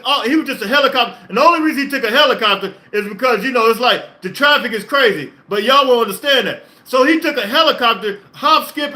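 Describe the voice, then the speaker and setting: An excited man hosting a sports reaction stream, talking emphatically, repeating himself and laughing often. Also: very high-pitched. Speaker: podcast host. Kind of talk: live-stream sports reaction, reading chat.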